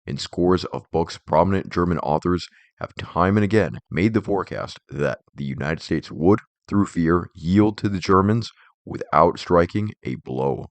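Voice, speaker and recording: A man reading a nonfiction book aloud in a measured, formal narration, speaking the quotation marks as he goes. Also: low-pitched, no room sound. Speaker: audiobook reader.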